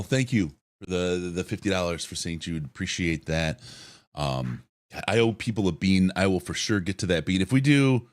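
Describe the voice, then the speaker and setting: Man, very low voice, casual live-stream host, halting restarts, chuckling thanks. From Detroit area. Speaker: podcast co-host reading out donations.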